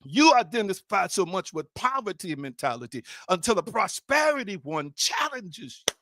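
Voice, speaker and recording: A man preaching a sermon in a dramatic way, repeating his questions and swinging from loud outbursts to hushed, low lines. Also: big pitch swings, normal speed, no echo, studio quality. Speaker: spiritual speaker.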